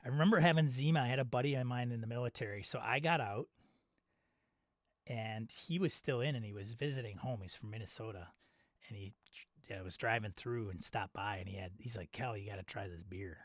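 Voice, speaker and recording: A man's voice: medium pitch, fairly quick, no echo. Rambling middle-aged man on a dry mic. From Wisconsin. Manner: rambling and nostalgic, laughing at himself. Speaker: channel host. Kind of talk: casual live-stream chat.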